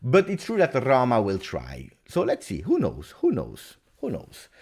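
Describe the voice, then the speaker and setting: Football host, live Q&A, chatty and joking, animated pitch, fast asides. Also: male voice, creaky, slightly rough. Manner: chatty, joking, self-interrupting, addresses viewers as friends. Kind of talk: live Q&A chat.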